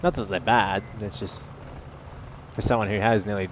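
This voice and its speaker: A man's voice: fairly low pitch, fairly even intonation, normal speed, noisy background. An Australian man giving rambling, sarcastic live commentary while playing a video game, easily exasperated. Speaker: gaming channel host.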